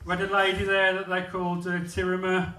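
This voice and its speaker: Male stand-up comic, crude and self-mocking, fairly high voice, live club recording from far off. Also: monotone, fairly quick. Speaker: stand-up comedian. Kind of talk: stand-up comedy routine. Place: comedy club stage, indoors. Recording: echoey club from far off, audience noise.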